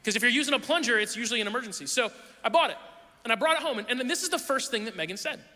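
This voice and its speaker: A young man preaching a sermon, telling a funny story about himself in an animated, self-deprecating way. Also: extremely high pitch, rapid-fire. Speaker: pastor. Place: church auditorium. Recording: long hall reverb.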